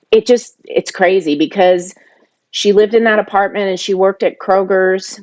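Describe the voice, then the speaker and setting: A middle-aged woman telling a personal family story, animated when she acts out arguments. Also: fairly low pitch. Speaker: podcast guest.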